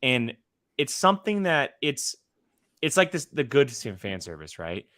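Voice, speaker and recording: Animated, excitable young man. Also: medium pitch, measured pace, no room sound, clean studio sound. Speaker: podcast co-host. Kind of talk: casual fan chat.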